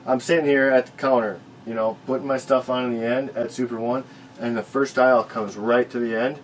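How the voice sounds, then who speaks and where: A man's voice: medium pitch, fairly even intonation, brisk, slight background noise, poor audio. A man co-hosting a casual chat, telling stories in a laid-back, profane, laughing way. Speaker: podcast co-host.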